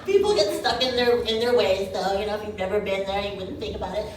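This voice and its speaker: A woman performing a stand-up comedy set on stage, chatty and animated, often checking in with "right?". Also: mid-range voice, fast talker. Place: comedy stage, live crowd. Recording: very echoey room, distant mic, noisy.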